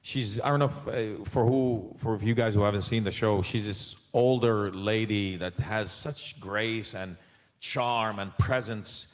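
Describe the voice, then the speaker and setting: A man, a guest actor, answering audience questions on a convention panel in a casual, animated way, with frequent restarts and laughs. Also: on the low side, a little slow, long reverb tail. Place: large convention hall.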